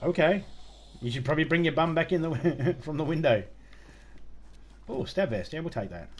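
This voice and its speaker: A man's voice: on the high side, lively intonation, normal speed. A middle-aged man chatting casually during a game stream, joking around, swearing freely and rambling through anecdotes. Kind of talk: casual live-stream chat.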